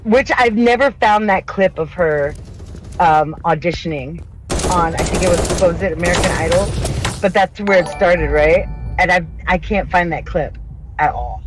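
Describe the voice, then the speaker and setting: A woman's voice: on the low side, moderate pace, noisy background. A young woman chatting casually on a podcast, ranting with profanity and mimicking others in mocking voices. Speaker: podcast co-host. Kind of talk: casual chat.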